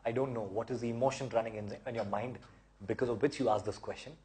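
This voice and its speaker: A man answers viewer questions in an easygoing advice chat. He speaks in an encouraging way and explains things at length, often repeating words as he goes. His voice sits at a middling pitch. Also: fairly even intonation, quick pace, a little mellow. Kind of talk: casual advice talk.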